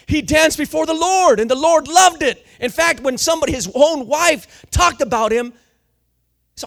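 A man preaching with fervor, his voice unusually high and bright. He talks in slang, trips over restarts and climbs into shouts as he builds. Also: animated, a little slow. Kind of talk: sermon.

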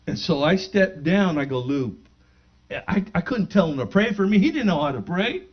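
A man giving a spoken testimony in church, animated and acting out the dialogue as he tells it. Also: high-pitched, fairly quick. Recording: dull lo-fi recording.

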